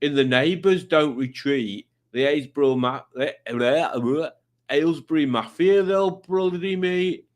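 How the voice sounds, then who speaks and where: A man's voice: on the high side, a little slow, voice pushed up, close to an everyday voice. A man reading out a comic rhyme in a put-on regional accent, with a sing-song delivery. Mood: playful.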